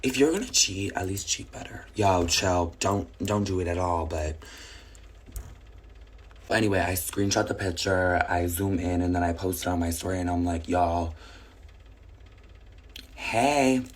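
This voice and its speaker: A young woman with a raspy, sick-sounding voice, telling a casual storytime with blunt, swearing asides. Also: very deep voice, a little slow, long pauses.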